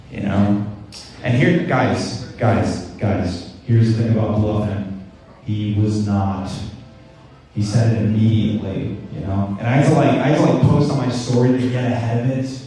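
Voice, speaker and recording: A man's voice: on the low side, fairly even intonation, normal speed, mellow. A young man doing a rambling, self-deprecating stand-up comedy set with stammered restarts. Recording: echoey room, mic heard from a distance.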